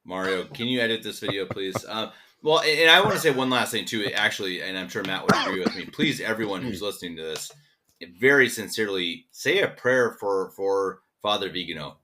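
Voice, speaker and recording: A man co-hosting a chat podcast, talking in an animated, emphatic rush that swings widely up and down in pitch. His voice is bright and sharp, and he stumbles over repeated words whenever he gets fired up. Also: fairly quick, a little hiss or hum. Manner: repeats words when worked up. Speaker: podcast co-host. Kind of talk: casual chat.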